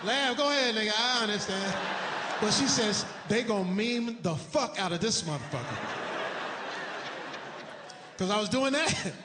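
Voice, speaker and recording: A middle-aged man performing a stand-up routine, telling a story with animated swings into a high excited voice. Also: moderate pace, long pauses. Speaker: stand-up comedian. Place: large live venue. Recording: echoey hall with loud crowd. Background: audience laughter and noise.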